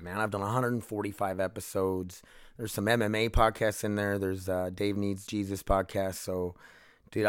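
Rambling, low-voiced podcast host, a man. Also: no echo, studio quality. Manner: rambling, profane, self-deprecating. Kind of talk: casual solo podcast chat.

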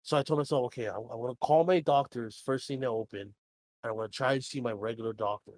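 A young man chatting casually on a podcast at a middle pitch, recorded close and dry. He rambles through a story, swears freely and slips into quick impressions of the people he quotes. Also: darkish tone, no room sound. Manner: rambling, swears freely, acts out both sides of dialogue. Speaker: podcast co-host.

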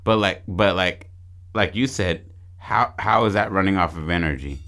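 A man co-hosting a podcast in casual chat, joking crudely and pitching ideas with restarts. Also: moderate pace, fairly bright tone. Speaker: podcast co-host.

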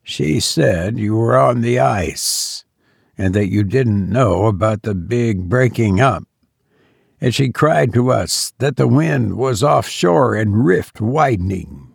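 A man's voice: mid-range voice, lively intonation, takes it slowly, gravelly, husky, dry recording, studio quality, heavily acted. A man reading a story voices a grieving man who tells sad news in a subdued, plain way. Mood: grave.

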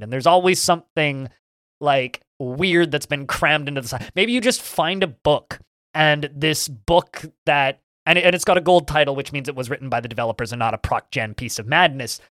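A man's voice: a little high, a bit bright, dry recording, clean studio sound. Rambling, eager podcast man. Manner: rambling and enthusiastic, with frequent stammered restarts. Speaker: podcast co-host. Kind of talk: casual chat about video games.

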